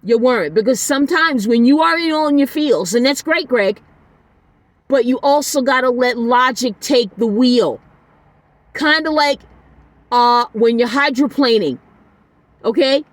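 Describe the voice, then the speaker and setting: A woman's voice: high-pitched, lively intonation, measured pace, pauses often, no echo. A woman hosting a solo podcast, ranting bluntly and with exasperation, swearing now and then. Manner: soft, tired sign-off. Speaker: podcast host.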